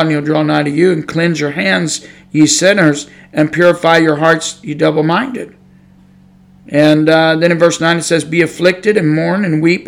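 Brief: male podcast preacher, fairly high gravelly voice, earnest and emphatic, repeats for stress. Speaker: podcast Bible teacher. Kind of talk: preaching Bible study. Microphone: podcast microphone.

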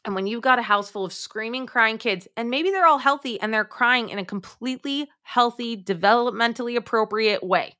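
A woman's voice: fairly high pitch, fairly quick, hardly any pauses. A woman, a mom coach, talking as a podcast guest in an emphatic, direct way, acting out the thoughts she quotes. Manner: emphatic, direct, addresses listeners as "my friends"; acts out quoted thoughts in lively voices. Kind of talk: podcast interview.

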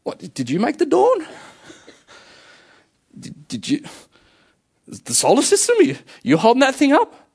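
A man's voice: very high-pitched, huge pitch swings, a little slow, gravelly, long pauses, pitched above the performer's own voice, heavily acted. A man voicing God as a stern, challenging figure firing rhetorical questions.

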